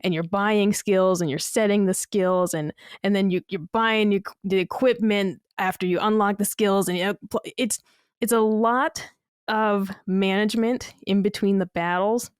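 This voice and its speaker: A woman chatting on a casual gaming podcast, her voice smooth and clean at a middling pitch. She rambles through her thoughts with lots of fillers and the odd curse. The recording is dry and close, with no room sound. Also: fairly even intonation, a little slow, no echo. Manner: rambling, filler-heavy, laughs and swears casually. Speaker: podcast co-host.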